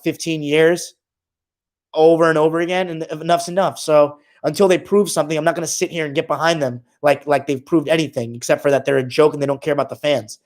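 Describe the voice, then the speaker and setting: A young man hosting a casual live stream, reading comments aloud and trash-talking his viewers. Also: a little high.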